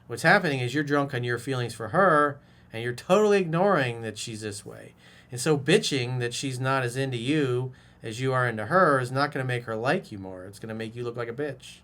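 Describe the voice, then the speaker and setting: A man's voice: mid-range voice, brisk, fairly bright tone. A man who works as a dating coach, giving blunt, profane advice in a casual monologue and scolding the listener like a buddy. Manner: casual bro-talk, direct address. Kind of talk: advice monologue reacting to a viewer's message.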